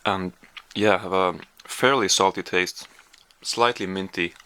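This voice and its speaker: A man's voice: low-pitched, steady tone, a little slow, sharp tone, smooth. A man chatting casually through a taste-test vlog, hesitant with lots of fillers, sometimes talking while chewing. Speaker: vlogger.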